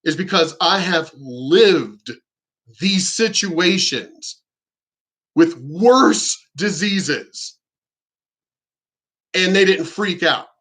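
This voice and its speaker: In a ranting vlog to camera, a man vents at his viewers with emphatic indignation, frequent swearing, and sentences he repeats and restarts. He speaks extremely slowly with long pauses, in a high, somewhat bright voice with lively intonation.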